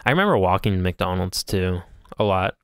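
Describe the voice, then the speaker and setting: Brief: man, lowish gravelly voice, rambling storyteller on a podcast, dry close sound. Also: animated, a little fast, a bit bright, no room sound. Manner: rambling storyteller, laughs often, swears casually. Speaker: podcast co-host. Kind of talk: casual chat.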